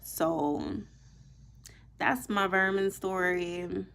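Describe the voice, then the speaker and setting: A young adult woman telling a personal story to camera, animated and profane, peppered with "like". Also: fairly low pitch, very slow, creaky. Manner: animated, profane, emphatic, heavy use of "like". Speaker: vlogger. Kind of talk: casual storytime monologue.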